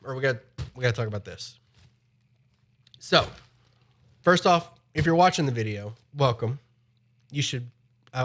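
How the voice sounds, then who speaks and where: Slightly nasal, lively male streamer. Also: medium pitch. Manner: rambling, chatty, repeats himself. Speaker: live streamer. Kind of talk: casual chat.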